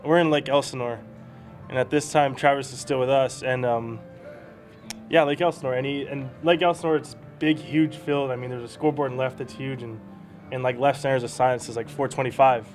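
A young man talks at a rapid clip, rambling through baseball stories with easy laughter. His pitch sits in the middle of the male range. He is a prospect chatting with an interviewer. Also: fairly even intonation, faint music behind. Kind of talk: casual storytelling interview.

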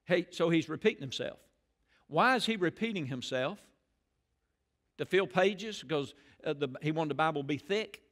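A man preaching a sermon as pastor in a church, animated and rising loud on key phrases. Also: a little high. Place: church sanctuary.

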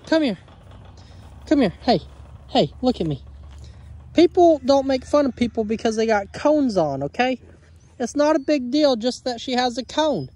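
A man's voice: very high-pitched, darkish tone, slight background noise. A man filming at his homestead, talking to his dogs in a playful, coaxing baby-talk voice. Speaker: homestead vlogger. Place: outdoors at a homestead dog pen.

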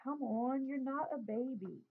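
A woman's voice: sits high, measured pace, pitched above the performer's own voice. A woman voicing a tired teenage boy who speaks crossly to his little brother. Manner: cross, sleepy annoyance. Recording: tinny phone-like sound.

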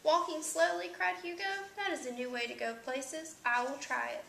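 A woman's voice: high voice, expressive, moderate pace, creaky, bright, forceful tone, echoey room, a little hiss or hum, full character voice. A woman voicing a silly male elephant with sore feet, with plaintive exclamations, in a storybook reading. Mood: pleased.

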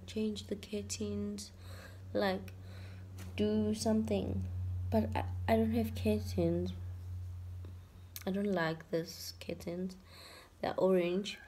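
A young woman vlogging from her bedroom, tired and emotional, talking softly and sometimes dropping to a whisper. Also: mid-range voice, flat delivery, slow, long pauses, slight background noise. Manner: tired, emotional, soft-spoken, drifting to a whisper. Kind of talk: casual vlog talk to camera. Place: bedroom at home.

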